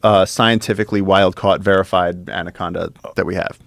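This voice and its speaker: Low gravelly man telling a wild story. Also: brisk, no echo. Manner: excitable, drops to whispers for quoted speech, lots of fillers. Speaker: podcast guest, explorer. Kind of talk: animated storytelling in conversation. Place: podcast studio.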